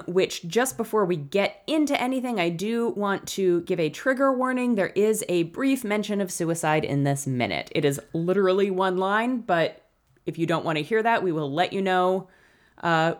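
A woman's voice: medium pitch, animated, moderate pace. A woman co-hosting a casual podcast, chatty and conversational, often thinking aloud. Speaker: podcast co-host. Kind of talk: casual chat.

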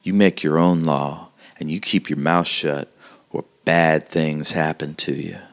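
A man's voice: very deep voice, steady tone, unhurried. A man voicing a weary, blunt frontier townswoman who gives grim warnings. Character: weary hard-bitten woman Margot, frontier town local.

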